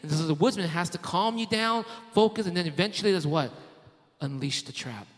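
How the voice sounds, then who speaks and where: A man's voice: high voice, lively intonation, fairly quick. Man preaching in a reverberant hall. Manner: conversational, rhetorical questions, frequent fillers and restarts. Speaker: pastor. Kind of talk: sermon.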